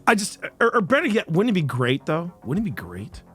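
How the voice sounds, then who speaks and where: A male host reacting to clips in casual commentary, animated, laughing often and restarting sentences. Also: sits high, brisk, faint music behind.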